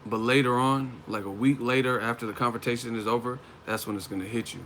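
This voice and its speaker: A man's voice: medium pitch, fairly even intonation, fast, a bit bright, a little hiss or hum. A man on a casual live stream, talking about boxing, often laughing and swearing as he mocks the fighters. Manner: laughs often, profane, mocking impressions.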